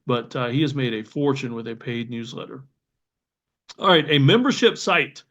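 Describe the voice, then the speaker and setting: This podcast host from the Southern United States chats on his own in a casual, enthusiastic way, often restarting and using fillers. He has a medium-pitched, slightly bright voice with lively intonation and a moderate pace, captured in slightly dull lo-fi audio.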